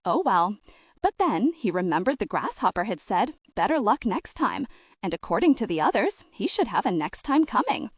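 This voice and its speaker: A woman reading a heartwarming audiobook with gentle humor, her pitch rising and falling lively. The sound is close and dry, like a studio read. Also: normal speed, no room sound. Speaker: narrator. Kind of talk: audiobook narration.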